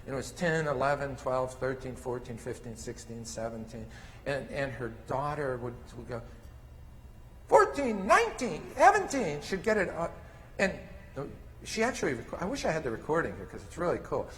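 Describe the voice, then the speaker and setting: Lively man lecturing in a reverberant hall. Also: mid-range voice, brisk, slight background noise. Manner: explains step by step while demonstrating with toys. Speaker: conference presenter on mand training. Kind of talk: lecture with live demonstration. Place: conference session room.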